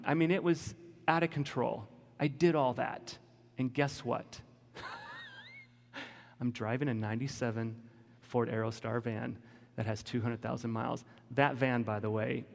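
A man delivers a candid, emotional sermon in a conversational way, his voice gravelly with creak. His voice rings with the long reverb of a church hall. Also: medium pitch. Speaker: pastor.

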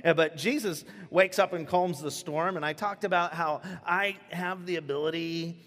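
A man in his thirties delivers a sermon with animated storytelling and plays out little scenes in quick voices. His voice sits a bit high for a man. The room gives it a long, ringing reverb. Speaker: pastor.

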